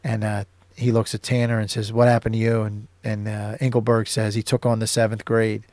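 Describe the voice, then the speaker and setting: A man's voice: on the low side, flat delivery, brisk, darkish tone, dry recording. A man hosting his own show, casually recapping a film scene by scene, with many ums and uhs. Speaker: show host.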